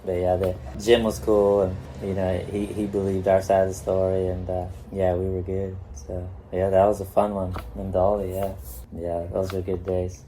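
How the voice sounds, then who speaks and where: A man's voice: low-pitched, completely flat delivery, normal speed, warm tone, slight background noise. A middle-aged man from California, a guest telling laid-back stories, swearing freely and laughing as he goes. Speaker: guest, pro skateboarder. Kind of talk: casual storytelling.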